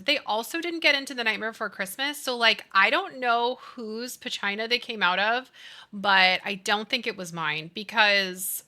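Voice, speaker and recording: A woman in her thirties streaming a life-sim game, chatting casually with her chat about childhood and movies. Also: mid-range voice. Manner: chatty, animated, reads chat aloud. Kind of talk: casual chat while gaming.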